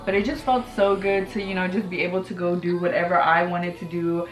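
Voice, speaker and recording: The audio is poor and roomy, with soft background music, as a woman in her thirties runs through a casual get-ready-with-me makeup routine. Her voice is on the low side, flat and brisk, and this beauty vlogger talks frankly, full of "like" fillers and casual curse words.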